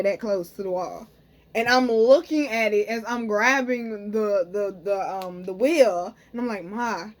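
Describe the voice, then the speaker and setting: A young woman, casually telling viewers a story and often checking in with them. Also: a little high. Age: young adult. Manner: animated, talks to viewers as "y'all", frequent "okay?". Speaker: spiritual reader and vlogger.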